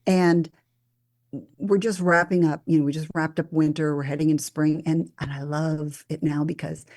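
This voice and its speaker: A woman's voice: low voice, moderate pace. A woman from Minnesota, a former meteorologist, chatting as a guest and acting out quotes as she tells stories. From Minnesota, USA. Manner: animated storyteller who acts out quotes. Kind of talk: casual interview conversation.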